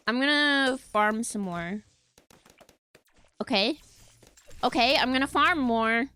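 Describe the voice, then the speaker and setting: A woman's voice: sits high, very animated, a little slow, pauses often, sharp tone, no room sound. A young woman streaming a game, chattering playfully to her chat and teammates with silly bits. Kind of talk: casual gaming livestream chatter.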